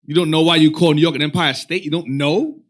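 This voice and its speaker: Guy leading a class, high voice, lively, keeps jumping in and directing the reader. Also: quick pace. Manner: animated, rambling, directs the reader. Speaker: religious class teacher. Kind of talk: casual teaching talk.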